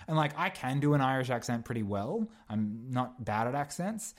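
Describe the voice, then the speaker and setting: With an expressive, medium-pitched voice at normal speed and hardly any pauses, a young actor chats casually as a podcast guest. His thoughts meander, with plenty of fillers and restarts.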